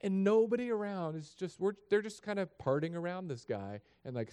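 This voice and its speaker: A middle-aged male pastor recounts a story from the pulpit. His voice sits a bit high for a man. He moves freely between quiet, hushed passages and louder, raised ones. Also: expressive, brisk, clean tone. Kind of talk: sermon storytelling.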